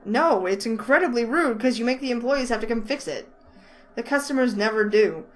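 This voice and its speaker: A woman voicing a grumpy, blunt young male store clerk with a Southern accent, flat and stubborn. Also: a little high, a little fast, lightly acted, low-quality recording. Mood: scolding.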